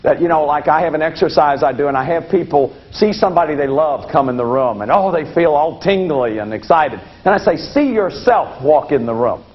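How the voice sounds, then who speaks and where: A man's voice: a little high, a little fast, hardly any pauses. An older man giving a lecture to an audience, folksy and anecdotal with self-deprecating humor. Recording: dull lo-fi broadcast recording.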